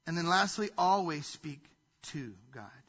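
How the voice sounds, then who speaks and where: A man's voice: a little high, animated, a little slow, a bit bright, slightly rough. A man preaching a sermon from a church stage, emphatic and repetitive in his delivery. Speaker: pastor. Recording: dull lo-fi sound.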